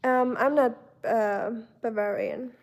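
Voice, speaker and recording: A woman's voice: on the high side, takes it slowly, gravelly. German woman chatting on a livestream. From Germany, Baden-Württemberg. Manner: chatty, warm greetings to viewers, many fillers. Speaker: livestream host. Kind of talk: casual chat reading viewer comments. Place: home.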